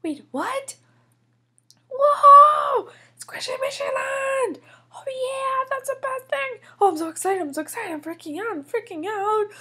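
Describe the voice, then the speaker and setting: A woman voicing an excitable, boastful little boy in a toy figure story, with bouncy, squealing cheers. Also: very high voice, brisk, hardly any pauses. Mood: overjoyed.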